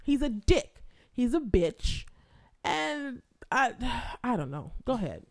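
A woman's voice: a little high, very animated, takes it slowly, slight background noise. A woman hosting a podcast, chatting casually and bluntly, cursing freely as she tells a story. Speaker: podcast host. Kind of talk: casual profane chat.

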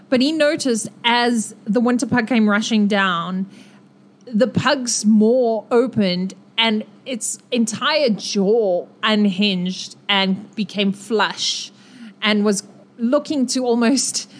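Chatty woman running a tabletop game. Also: on the high side. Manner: chatty, filler-heavy, laughing narration. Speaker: game master.

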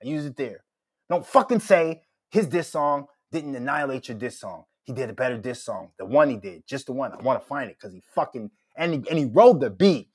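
A middle-aged man on a casual podcast, launching into profane, heated rants that swing into loud bursts. His voice sits at an ordinary middle pitch for a man. He talks like he is venting to friends. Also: expressive, a little fast, slightly rough. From Minnesota. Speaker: podcast host. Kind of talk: casual ranting commentary.

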